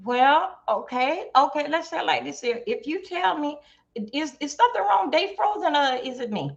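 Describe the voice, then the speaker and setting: A middle-aged woman with a fairly high voice, talking on a livestream about relationships. She gets animated and acts out both sides of a couple's conversation. Her audio comes through a video call and sounds dull and lo-fi. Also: moderate pace, creaky. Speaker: guest.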